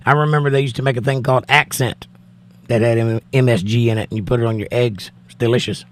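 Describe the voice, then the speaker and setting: A man's voice: medium pitch, fairly even intonation, fast talker. A man hosting a livestream, chatting casually and wryly while he reads viewer comments aloud. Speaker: livestream host reading chat. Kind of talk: casual chat.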